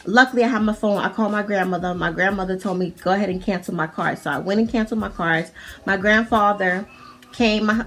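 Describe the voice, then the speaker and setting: A young woman with a New York accent telling a personal story at home in a casual storytime vlog, chatty and profane, full of "like" and restarts. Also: medium pitch. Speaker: vlogger. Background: faint music.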